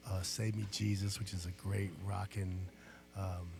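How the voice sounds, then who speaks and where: A man's voice: low-pitched, flat delivery, unhurried, vocal fry. A man, a guest musician, chatting casually in a music studio, easygoing and rambling, with fillers and restarts. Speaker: guest musician, guitarist and singer.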